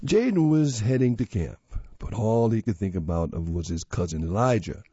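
Low, mellow man reading a kids' story. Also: moderate pace, breathy edge, no room sound. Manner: steady, expressive reading. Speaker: narrator. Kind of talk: storybook narration for kids. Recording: slightly dull lo-fi audio.

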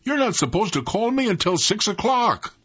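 A man's voice: fairly high pitch, very animated, takes it slowly, a bit bright, breathy edge, voice pushed up, exaggerated voice. An old man voicing a drowsy young farm boy who complains about being woken early. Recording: dull lo-fi recording.

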